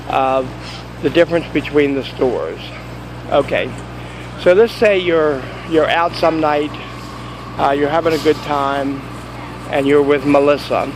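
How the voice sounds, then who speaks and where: A man's voice: fairly high pitch, background noise. A man vlogging from a store parking lot and then his car, telling a rambling, jokey story. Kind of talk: casual joking storytelling.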